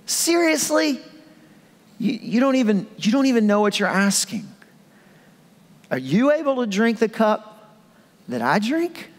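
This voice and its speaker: Brief: man voicing an incredulous teacher, squeaky and put-upon, echoey hall. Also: very animated, unhurried, pauses often. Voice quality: high-pitched. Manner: mock-incredulous. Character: exasperated male teacher, incredulous.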